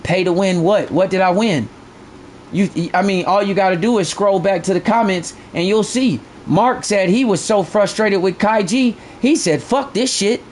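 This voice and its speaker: A man's voice: sits high, normal speed, slight background noise. A man streaming a fishing game live, ranting bluntly and profanely to his chat and repeating his points.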